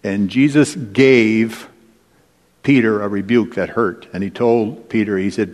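A man preaching a sermon in a measured way, slowing down to stress his points. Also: on the low side, a little mellow, big-room sound.

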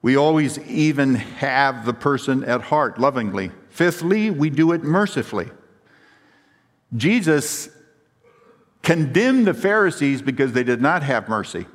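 A man's voice: mid-range voice, expressive, unhurried. Man, pastor, sermon, emphatic storytelling, rhetorical questions, church sanctuary, long hall reverb.

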